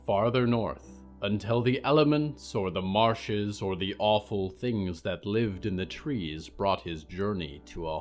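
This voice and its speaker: A man narrating a scripted fiction story in a calm, even voice. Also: on the low side.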